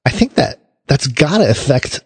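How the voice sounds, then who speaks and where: A man's voice: mid-range voice, very animated, normal speed, husky, no room sound. A man co-hosting a podcast, making hesitant, wry asides in casual banter. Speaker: podcast co-host.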